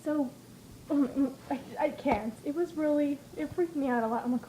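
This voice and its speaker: A woman's voice: sits high, normal speed, dark tone, a little hiss or hum, rough recording. A woman vlogging in a casual, rambling way, giggling and acting out her own reactions as she tells stories. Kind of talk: casual chatty vlog storytelling.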